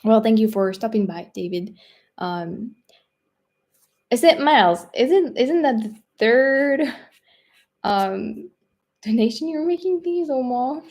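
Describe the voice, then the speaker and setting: A young woman with a French accent chats on a livestream. Her voice sits at an ordinary middle pitch. She rambles along with plenty of fillers and light laughs. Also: animated, takes it slowly, darkish tone. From France. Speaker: livestream host reading viewer chat. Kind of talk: casual live-stream chat.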